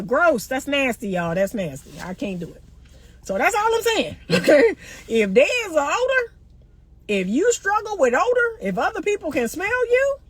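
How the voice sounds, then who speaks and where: A woman's voice: high-pitched, fairly bright tone. A middle-aged woman relationship coach talking bluntly and animatedly to viewers, laughing often. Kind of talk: live-stream chat answering comments.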